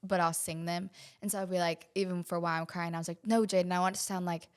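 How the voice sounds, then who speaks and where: A woman from West Virginia, a singer-songwriter guest, talking openly and hesitantly with many pauses in a relaxed interview. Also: lowish voice, clean tone. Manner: soft-spoken, open, hesitant with many ums. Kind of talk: casual interview chat.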